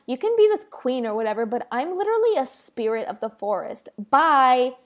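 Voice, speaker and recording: A woman's voice: sits high, big pitch swings, moderate pace. A woman mockingly voicing a moody, dramatic, self-pitying young queen in a whiny, sarcastic tone. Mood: dismissive.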